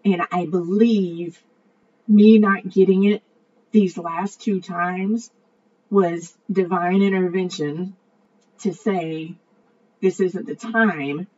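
Earnest female vlogger, lower voice, rambling monologue; muffled lo-fi recording. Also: takes it slowly, slightly rough. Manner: earnest, rambling, repeats words, grows excited. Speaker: vlogger sharing a personal story. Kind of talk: emotional personal monologue. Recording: dull lo-fi audio with faint ambient noise.

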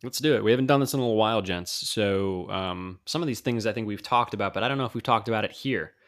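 Lower-pitched man, halting and playful. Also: fairly bright tone. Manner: halting, filler-heavy, playful. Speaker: podcast co-host. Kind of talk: casual podcast chat. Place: at home on a video call. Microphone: video call.

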